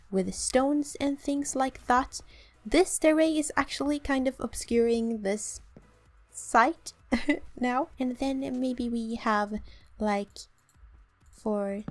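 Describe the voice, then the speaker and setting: A young woman with a Swedish accent, chatting casually as she walks through a build in a game. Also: on the high side. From Sweden. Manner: chatty, self-deprecating, explains as she builds. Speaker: let's play host. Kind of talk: casual gameplay commentary.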